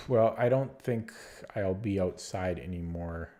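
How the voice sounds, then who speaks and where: A man with a deep, mellow voice speaks at a slow pace, sounding stuffy and nasal from allergies. He offers thinking-aloud commentary on his own online chess game, hesitantly muttering move calls to himself.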